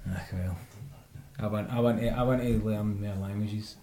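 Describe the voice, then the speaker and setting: A Scottish man hosting a podcast, chatting casually and telling animated stories. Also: lowish voice, moderate pace, roomy sound. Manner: chatty, animated storytelling with laughs. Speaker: podcast host. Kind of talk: casual chat.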